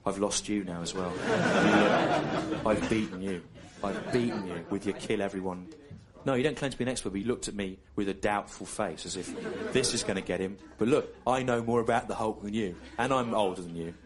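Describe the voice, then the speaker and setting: A man performing a stand-up routine on stage, deadpan and digressive, talking straight to members of the audience. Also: on the low side, fairly quick, hardly any pauses, a crowd in the background. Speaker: stand-up comedian. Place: comedy venue, live on stage. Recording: noisy live venue recording. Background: audience laughter.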